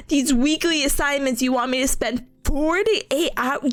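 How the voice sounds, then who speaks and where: A woman in her twenties, a study streamer, chatting casually and telling a story in an animated way, often breaking into laughter and poking fun at herself. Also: high voice, measured pace, gravelly, faint music behind.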